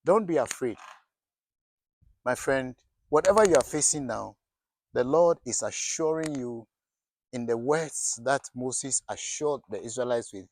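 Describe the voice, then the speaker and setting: A middle-aged man preaches a sermon with a voice of middling pitch. He asks his listeners questions and often stumbles and restarts mid-phrase. The sound is dry and close, with no room around him. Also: expressive, a little slow, pauses often, a little mellow, no echo. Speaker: pastor.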